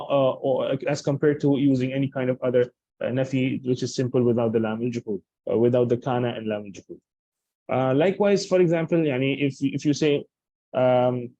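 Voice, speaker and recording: A man teaching Arabic grammar in English. He recites Arabic verses quickly and explains them with many fillers and restarts. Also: medium pitch, darkish tone, no room sound, dull audio. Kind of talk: recorded lesson explaining grammar.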